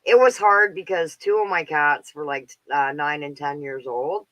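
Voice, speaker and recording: A man's voice: a little high, normal speed, bright, forceful tone, no echo, poor audio. A Canadian man in his fifties chatting casually as a caller, rambling with plenty of filler words. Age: 50s. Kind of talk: casual chat.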